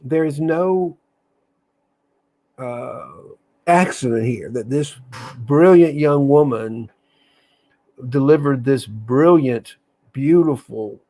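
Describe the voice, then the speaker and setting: Earnest man reading slowly, halting. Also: mid-range voice, warm tone. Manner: earnest, halting, with many restarts; reads slowly with long pauses. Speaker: host of an online reflection session. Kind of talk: casual live talk and slow poetry reading.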